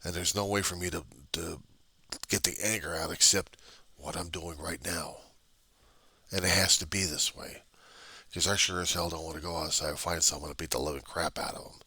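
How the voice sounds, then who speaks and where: A man with a gravelly, tense voice that sits extremely low and cuts with a hard edge. He talks in a raw, agitated personal video diary, swearing and circling back over the same points. The sound is close and dry. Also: steady tone, moderate pace, sharp tone, no echo. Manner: raw, agitated, profanity-laced, repetitive. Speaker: video diarist. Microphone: computer webcam.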